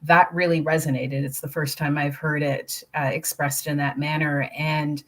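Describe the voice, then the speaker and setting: Woman, panel guest: low-pitched, measured and reflective. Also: level tone. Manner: thoughtful, measured, with rhetorical questions. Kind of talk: panel discussion.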